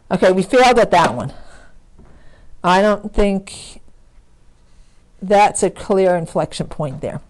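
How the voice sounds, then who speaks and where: A woman teaching a math lesson, chatty and self-correcting as she thinks aloud while working. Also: medium pitch. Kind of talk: recorded screen lesson.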